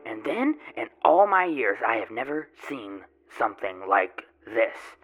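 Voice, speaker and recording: A grubby, boastful tomato grower played by a man spins a rambling folksy story in broken grammar. His voice sits in an ordinary middle range. Music plays clearly behind him throughout the audio story. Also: medium pitch, sing-song, measured pace, a bit bright, rough recording. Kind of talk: first-person character monologue.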